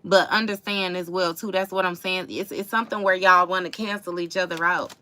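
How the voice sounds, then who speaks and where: Woman tarot reader, casual livestream, lowish forceful voice, blunt, profane, repeats herself for emphasis. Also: fairly even intonation, a little fast. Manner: blunt, profane, calls listeners baby and y'all; emphatic repetition.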